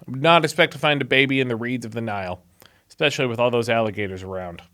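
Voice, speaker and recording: A man's voice: a little high, pushed and bright. A man reading a Bible chapter aloud and cracking sarcastic jokes between the verses. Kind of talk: casual reading with commentary.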